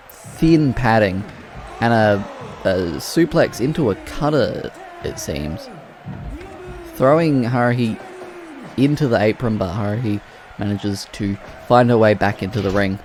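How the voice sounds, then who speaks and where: A man giving play-by-play commentary on wrestling matches, excitable and breaking into loud exclamations. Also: on the low side, a little hiss or hum.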